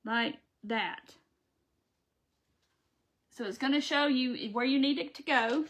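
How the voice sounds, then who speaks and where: A woman's voice: sits high, takes it slowly. A woman hosting a live craft tutorial, chatting folksily with viewers as she works. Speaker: craft channel host.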